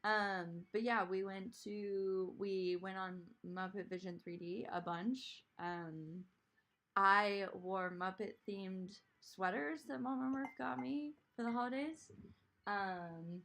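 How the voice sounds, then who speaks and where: A woman's voice: mid-range voice, slow pace, fairly bright tone. A woman hosting a live stream, chatting casually and rambling as she answers comments from chat. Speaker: streamer host.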